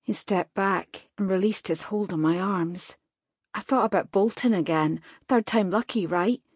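A woman narrating a first-person fantasy audiobook in a tense, even storytelling manner. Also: mid-range voice, a little slow, breathy edge, dry recording, clean studio sound.

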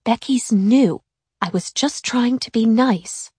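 A kind, eager young schoolgirl, quick and reassuring, in a woman narrator's near-own voice. Close, dry storybook reading. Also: on the high side, darkish tone, breathy edge, no echo, heavily acted. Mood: friendly. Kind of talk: audiobook character voice.

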